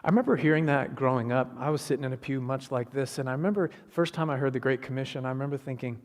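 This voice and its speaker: A man preaching a sermon in a church, animated and conversational, voicing quick asides as he retells the story. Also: medium pitch, big-room sound. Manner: animated, acts out Jesus's words in quick asides. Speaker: guest preacher. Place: church sanctuary.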